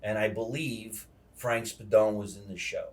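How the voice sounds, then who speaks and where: A man with a low voice hosts a casual podcast chat. He is easygoing, laughs often and explains things at length. He sits somewhat far from the mic. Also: fairly even intonation, measured pace, darkish tone. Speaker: podcast host. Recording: distant mic.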